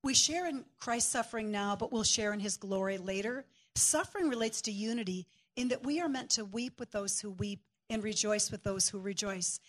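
A woman sharing a sermon in a church, telling a lively story and laughing as she goes. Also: medium pitch, normal speed, few pauses. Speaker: guest preacher.

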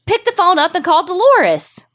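A woman's voice: very high voice, huge pitch swings, moderate pace, a bit bright. A woman co-hosting a podcast, reacting bluntly with incredulous questions and profanity. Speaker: podcast co-host. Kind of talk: casual podcast chat.

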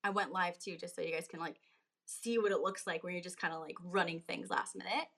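A woman's voice: steady tone, brisk, vocal fry, fairly bright tone. A woman fitness coach giving an emphatic motivational talk on a live stream, building to urgent, pressing delivery. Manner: emphatic, rising to pitched urgency. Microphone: phone on a live video.

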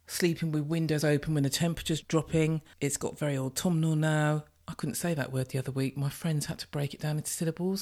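A woman's voice: sits low, darkish tone. A woman with a stuffed-up, head-cold voice hosts her own podcast in a loose, chatty monologue. She is candid and swears freely. Her delivery is casual and unscripted. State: congested from a lingering head cold. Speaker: podcast host.

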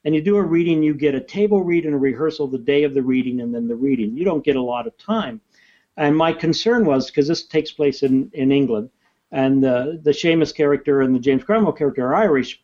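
A man, an author, telling stories in a lively, chatty way during a podcast interview. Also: mid-range voice, lo-fi sound.

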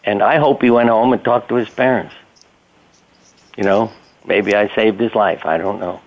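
An older man's low, steady voice comes down a thin, phone-like line. He tells his stories in a relaxed way as a guest, chuckling now and then and voicing the people in them. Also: normal speed. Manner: conversational storyteller, chuckling, acts out quotes. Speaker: guest, doctor. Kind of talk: casual storytelling interview.

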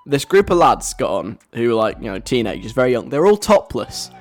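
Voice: mid-range voice, fairly quick. Chatty radio host, faint music behind. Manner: animated storyteller, acts out overheard quotes. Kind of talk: casual radio chat. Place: radio studio.

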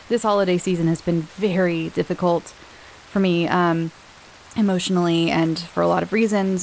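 A woman hosting her own podcast, chatting casually and warmly to her listeners with fillers and little laughs. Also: on the low side, vocal fry, a little hiss or hum, rough recording. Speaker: podcast host. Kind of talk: casual chat.

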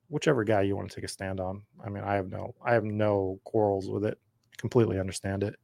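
A slightly worn, gravelly, lowish male voice belongs to a podcast host chatting and rambling as he drafts and answers comments from viewers. It's casual live drafting commentary, recorded dry with studio quality.

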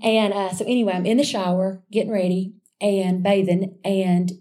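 A woman sharing a personal faith testimony in a chatty, animated storytelling way, calling her listeners y'all. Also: mid-range voice, normal speed. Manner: chatty and animated, addressing listeners as y'all, with frequent restarts and asides.

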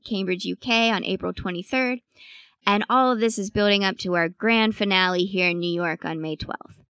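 Woman host, gravelly but crisp, dry booth sound. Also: medium pitch, fairly bright tone, dry recording. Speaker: podcast host. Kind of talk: scripted announcements.

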